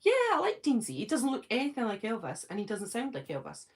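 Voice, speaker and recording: A woman's voice: medium pitch, big pitch swings, fast talker. A Scottish woman chatting casually on a live stream from her home, answering viewers' comments by name and thinking aloud. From Scotland.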